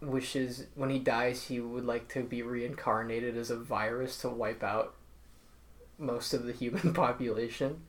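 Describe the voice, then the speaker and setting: A man's voice: medium pitch, fairly even intonation, measured pace. Sweary joking podcast guy. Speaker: podcast co-host. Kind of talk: casual chat.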